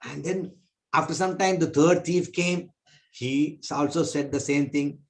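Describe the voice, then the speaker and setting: A man teaching a spiritual class, telling a parable in an animated way. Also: measured pace. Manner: animated, pitch jumping between voices.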